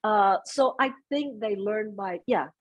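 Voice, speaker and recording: Soft-spoken woman with a husky voice. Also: mid-range voice, measured pace, no room sound, lo-fi sound. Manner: mixes in Vietnamese phrases. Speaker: interview guest. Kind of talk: casual conversation.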